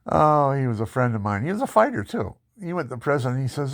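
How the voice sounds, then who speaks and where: A man telling his life story in a personal testimony, animated and boastful, laughing often. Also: mid-range voice, a little fast, few pauses, dry recording, clean studio sound.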